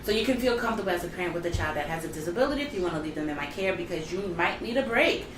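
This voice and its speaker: A woman's voice: lowish voice, expressive, racing, roomy sound, recorded from a distance, background noise. A woman guest on a casual talk show, speaking in a direct, plain-spoken way. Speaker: guest, behavior therapist. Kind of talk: casual chat.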